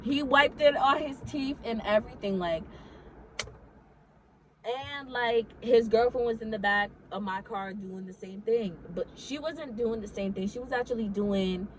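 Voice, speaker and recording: A woman's voice: on the high side, measured pace, low-quality recording. Swearing young woman telling a story. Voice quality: animated, swears freely, frequent likes. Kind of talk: casual storytelling.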